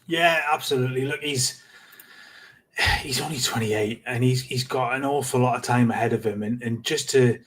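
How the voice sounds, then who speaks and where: A middle-aged man co-hosting a casual football podcast, talking earnestly with many halting repeats. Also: mid-range voice, a bit bright. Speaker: podcast co-host.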